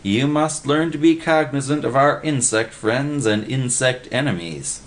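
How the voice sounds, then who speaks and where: A man's voice: mid-range voice, a little slow, voice pushed up, natural voice. A man voicing a well-read, lecturing male vagrant in a storybook reading. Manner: precise, lecturing, bossy.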